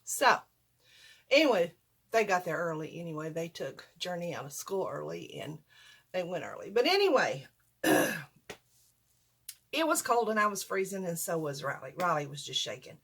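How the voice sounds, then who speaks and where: A woman's voice: on the low side, big pitch swings, normal speed, vocal fry, pauses often, a bit bright, husky. An older woman, rambling through a folksy, self-deprecating storytime vlog at home. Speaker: vlogger. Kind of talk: casual storytime.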